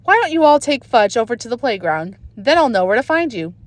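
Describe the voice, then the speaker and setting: Worried mom, soft and coaxing, a bit lifted in pitch, voiced by a woman. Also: big pitch swings, brisk, no room sound. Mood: fretful. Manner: fretful, gently coaxing. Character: anxious mother of two boys.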